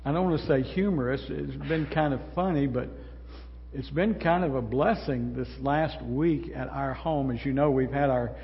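Older pastor preaching in a reverberant hall. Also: male voice, mid-range voice, moderate pace. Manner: folksy, conversational preaching with rhetorical questions. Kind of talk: sermon. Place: church sanctuary. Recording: muffled sound in a large reverberant hall.

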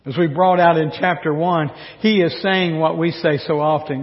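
A man's voice: fairly high pitch, steady tone, normal speed. A man preaching a sermon as pastor, in a conversational way, often asking his listeners rhetorical questions. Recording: dull recording with long hall reverb.

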